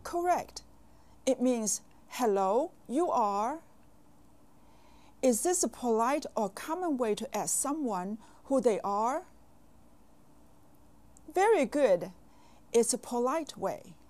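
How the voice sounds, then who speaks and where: A woman teaching a language lesson for children, speaking slowly and clearly and pausing to quiz the listener. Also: fairly high pitch, expressive, a little mellow. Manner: slow, carefully enunciated, with quizzing pauses. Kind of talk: scripted language lesson for kids.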